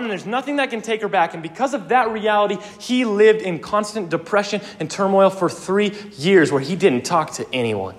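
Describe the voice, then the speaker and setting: A young man preaching a sermon, earnest and emphatic, with casual asides. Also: a little high.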